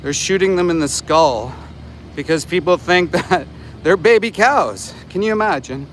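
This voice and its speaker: A Canadian man in his forties livestreaming as an animal rights activist outside a slaughterhouse, ranting with indignation and shouting at truck drivers. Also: sits high, expressive, moderate pace. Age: 40s. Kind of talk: live street vlog. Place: outdoors by a road outside a slaughterhouse. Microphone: phone held while livestreaming. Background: passing trucks and traffic.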